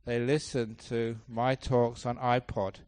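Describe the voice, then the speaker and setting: A man, a Buddhist monk, giving a dharma talk at a retreat, telling stories with lots of changes in pitch and pace and laughing often. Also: little pitch movement, slow pace, a little mellow, no room sound. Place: temple hall, live talk.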